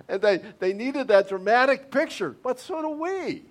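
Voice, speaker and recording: Male pastor with a high voice, conversational sermon delivery that repeats key words for emphasis. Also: very animated, measured pace. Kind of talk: interactive sermon with congregation.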